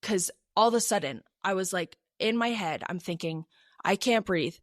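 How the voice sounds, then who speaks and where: A woman's voice: medium pitch, moderate pace, no echo, clean studio sound. A young adult woman co-hosting a podcast, telling a personal story in a casual, chatty way with many fillers. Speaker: podcast co-host.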